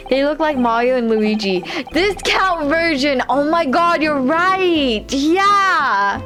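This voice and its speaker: A woman's voice: high voice, animated, takes it slowly, few pauses, fairly bright tone, faint music behind. A woman streamer chatting casually and giggling as she reacts to her chat while playing a game.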